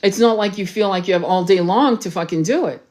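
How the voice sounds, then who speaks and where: A woman's voice: medium pitch, brisk, a little mellow. A woman tarot reader, raised in France, talking passionately and urgently to her livestream viewers, swearing freely and repeating herself for emphasis.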